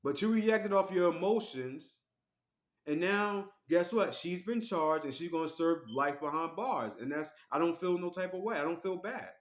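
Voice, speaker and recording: A man giving casual, animated storytelling commentary as an online vlogger. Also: high voice, moderate pace, roomy sound. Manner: animated, acts out quoted voices.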